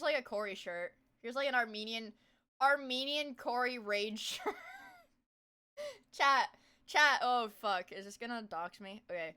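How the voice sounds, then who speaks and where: Young woman streamer, high bright voice, rambly casual chat, swears a lot. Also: clean tone. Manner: rambling, swearing, loud bursts of laughter.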